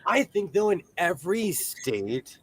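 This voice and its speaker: A man's voice: high-pitched, big pitch swings, unhurried, husky. A man hosting a casual chat, reading comments aloud and laughing often. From California. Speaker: host.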